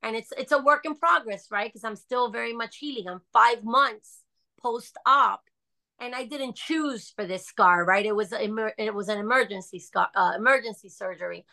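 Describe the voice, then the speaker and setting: A woman's voice: on the high side, normal speed, creaky, sharp tone. A middle-aged woman from the United States, a podcast guest, telling a personal story earnestly and with emphasis, often asking "right?".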